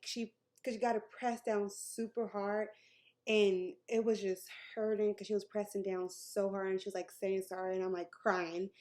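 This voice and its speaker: Speaking at medium pitch with a dark tone, a young vlogger chats casually to her camera about something that happened to her. She laughs often and switches into the voices of the characters in her story.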